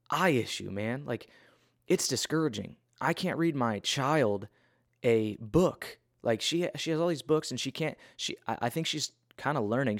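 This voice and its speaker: A man's voice: medium pitch, dry recording, studio quality. A man giving a casual, earnest Bible talk in a conversational, self-deprecating way.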